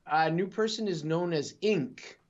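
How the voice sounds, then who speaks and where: A man co-hosting a gaming podcast in casual chat, easygoing and quick to chuckle, with rambling asides. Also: on the high side. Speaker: podcast co-host. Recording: dull lo-fi audio.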